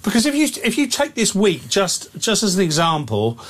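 A man co-hosting a radio talk show, jokey and quick to laugh. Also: high-pitched, huge pitch swings, a bit bright. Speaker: radio co-host. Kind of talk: casual radio chat.

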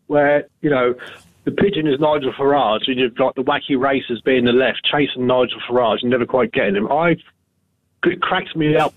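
A man's voice: mid-range voice, phone-quality sound. Amused rambling male radio caller. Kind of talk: phone-in call.

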